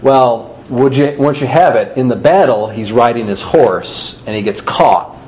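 A man's voice: mid-range voice, unhurried, darkish tone, low-quality recording. A man teaching a Bible passage in a casual, storytelling way, retelling events and reading scripture aloud.

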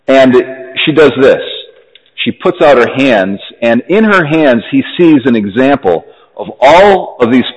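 A man's voice: long reverb tail, muffled recording. A man preaching a conversational homily in a church, with fillers and restarts. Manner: conversational, grows fervent and high when urging. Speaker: priest.

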